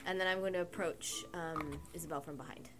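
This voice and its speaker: A woman's voice: lowish voice, steady tone, fairly quick. A woman playing in a tabletop game, casual and hesitant, with frequent fillers. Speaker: player. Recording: background music.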